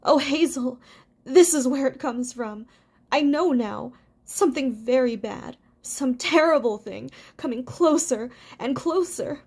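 A woman's voice: high voice, takes it slowly, creaky, mellow, breathy edge, exaggerated voice. A woman reading aloud, voicing a timid young male rabbit who whimpers with fear. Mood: terrified. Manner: frightened, whimpering.

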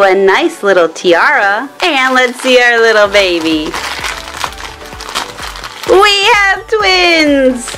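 A woman's voice: fairly high pitch, a bit bright. A woman narrating toy unboxing and doll play in a cheerful, sing-song way, with music underneath.

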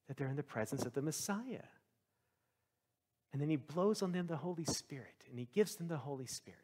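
A male pastor preaching a sermon, telling the story with lively swings into the voices of the people in it. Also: on the high side, moderate pace. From Texas.

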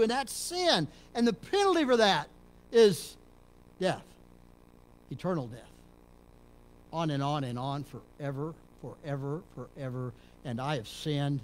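A middle-aged man from Texas, a pastor preaching a sermon in a church, dropping to low murmurs and rising to loud emphatic peaks. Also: animated, a little slow. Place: church sanctuary.

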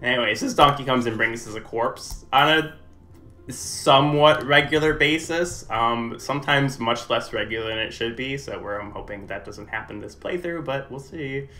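A man's voice: medium pitch, moderate pace, pushed and bright. A young man doing chatty live gameplay commentary for a charity stream, reading game dialogue aloud.

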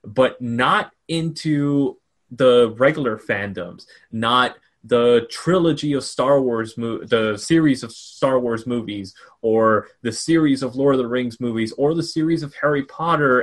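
A man's voice: medium pitch, unhurried. A man on a podcast as a guest, laid-back and teasing, describing his own film talk show. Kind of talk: casual chat.

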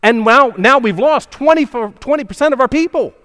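A man doing a frantic shouting king. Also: expressive, big-room sound. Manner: shouting, high and rushed. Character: frantic male king losing his workers.

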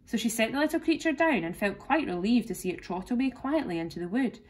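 A woman, a teacher, reading a children's classic aloud clearly and expressively. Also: a little high, expressive, quick pace. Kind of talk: storybook read-aloud.

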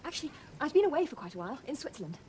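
A young actress playing a shy nineteen-year-old girl with a Yorkshire accent, hesitant and soft-spoken, in a 1970s period drama. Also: sits high, big pitch swings, rapid-fire, slight background noise. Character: shy young woman at a finishing school.

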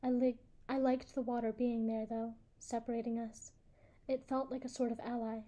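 A woman reading a first-person novel aloud in a steady, even way. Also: fairly high pitch, normal speed. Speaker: audiobook reader.

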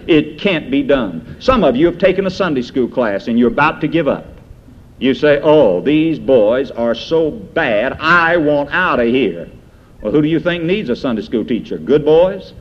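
A middle-aged man preaching a sermon from the pulpit, emphatic, his voice rising high and then dropping low. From United States. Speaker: pastor. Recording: dull lo-fi archival sermon tape.

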